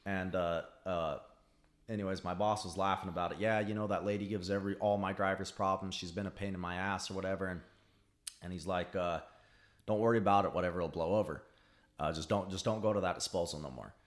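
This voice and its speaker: A young man tells a work story loosely and profanely, his voice sitting on the low side. He jumps into the voices of the people he quotes. It is relaxed podcast chat. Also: fast talker. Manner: profane, animated storyteller who acts out quotes. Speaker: podcast guest. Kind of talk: casual storytelling.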